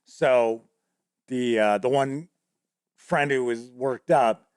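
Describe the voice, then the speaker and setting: A man's voice: medium pitch, takes it slowly, clear, resonant tone, dry recording, clean studio sound. A man hosting a show, casually telling a rambling story from his tabletop game with many restarts. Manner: rambling, many restarts, acts out players' voices. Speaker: host.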